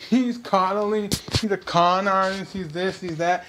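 A man's voice: high voice, fairly even intonation, a little slow, hardly any pauses, background noise. A young man hosting his own vlog, ranting heatedly and repetitively straight at his viewers. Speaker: vlog host.

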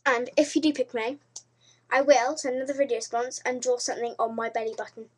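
A high-voiced British woman rambles excitedly to the camera, restarting sentences as she goes. Her talk is bubbly and quick to jump between thoughts. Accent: British English. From Britain. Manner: giddy, rambling, restarts a lot. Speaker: video blogger. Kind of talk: casual video response.

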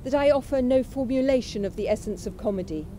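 A woman reads lecture text at a memorial gathering in a college chapel, her fairly high voice mellow and her pacing deliberate. Literary in tone and free of showiness, she lets each line settle, while slight background noise marks the rough recording.

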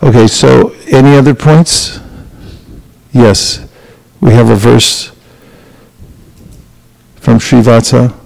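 A man's voice: mid-range voice, slow pace, gravelly, pauses often, a little mellow, rough recording. A man leading an interactive scripture class, speaking directly and coaching his students as he corrects them. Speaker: spiritual teacher leading a class.

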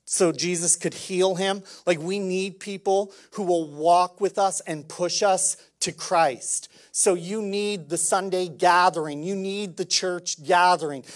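Lively man preaching a sermon. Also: high voice. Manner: lively and conversational, swinging between loud emphasis and quiet intensity. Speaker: pastor.

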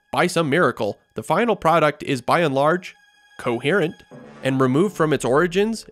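A man narrates a scripted film retrospective in a mid-pitched voice. His delivery is dry and wry, with understated jokes slipped between the facts. Faint music plays beneath him. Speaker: host. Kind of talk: scripted video-essay narration.

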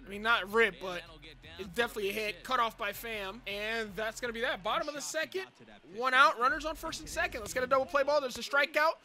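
A young man giving excitable commentary over his own baseball video game, chatting to viewers and shouting and groaning at each play. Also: extremely high pitch, fast talker. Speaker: gaming channel host. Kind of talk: live gameplay commentary.

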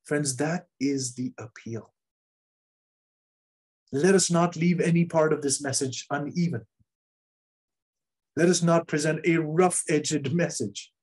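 A man preaching a sermon in an earnest, emphatic way, repeating phrases and letting key lines fall soft and low. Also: slow pace, pauses often, slightly rough.

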